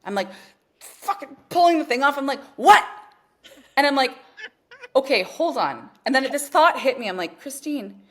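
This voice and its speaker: A woman's voice: sits high, animated, fast, fairly bright tone. Profane storytelling woman coach. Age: adult mother. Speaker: spiritual business coach. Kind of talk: casual podcast chat.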